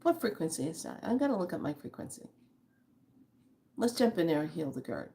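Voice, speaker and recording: A woman's voice: on the low side, big pitch swings, a little fast, warm tone. A woman in her fifties, chatting candidly to her viewers and telling a story with frequent laughter. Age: 50s. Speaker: spiritual vlogger. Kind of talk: casual chat to viewers.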